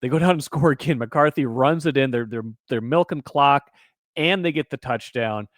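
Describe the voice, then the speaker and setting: A man hosting a sports podcast who recaps a football game in a casual, animated way and asks lots of rhetorical questions. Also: medium pitch, normal speed, dry recording, clean studio sound. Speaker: podcast host.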